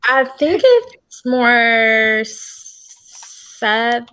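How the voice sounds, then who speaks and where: Lively, chatty young woman. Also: a little high, very slow. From United States. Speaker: interviewee. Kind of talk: casual conversational interview.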